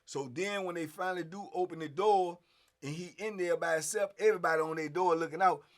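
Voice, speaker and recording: A middle-aged man telling a story in casual streetwise slang, animated and acting out the scenes. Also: sits high, brisk.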